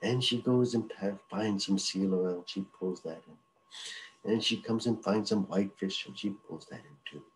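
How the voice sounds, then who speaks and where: A man's voice: sits low, measured pace, a little hiss or hum, low-quality recording. A man telling a traditional folk tale in a loose, repetitive, conversational style. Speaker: storyteller. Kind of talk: oral traditional storytelling.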